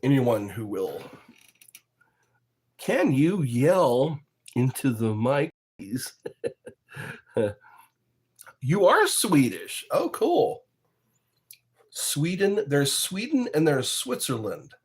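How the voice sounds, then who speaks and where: A man's voice: medium pitch, big pitch swings, extremely slow, long pauses. A man casually chatting with viewers on his livestream, rambling and joking, reading comments aloud and often laughing at his own jokes. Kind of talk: casual chat with live viewers.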